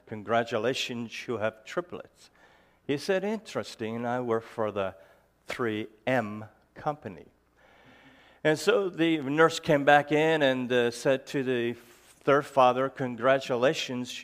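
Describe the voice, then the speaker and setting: A man speaks to a live audience in a mid-pitched voice. His speech is halting and slightly slurred, broken by fillers and restarts as he tells jokes and stories. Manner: hesitant, with frequent restarts and fillers; jokey storytelling. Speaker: ministry founder giving a talk. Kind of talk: personal talk to a live audience.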